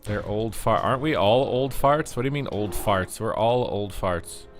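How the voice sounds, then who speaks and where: Faint music plays behind a man who talks at a moderate pace in a fairly low voice while streaming a video game. He keeps up casual live commentary for his viewers, cracking jokes and cursing now and then.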